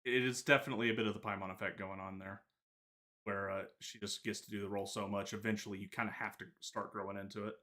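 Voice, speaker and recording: A man's voice: fairly low pitch, little pitch movement, fast talker, sharp tone. A man co-hosting a podcast in casual chat, joking and telling anecdotes. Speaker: podcast co-host.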